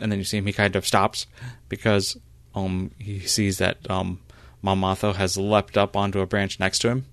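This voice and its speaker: A man narrating a role-play as game master, halting with many fillers. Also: low-pitched, a bit bright, smooth, no room sound.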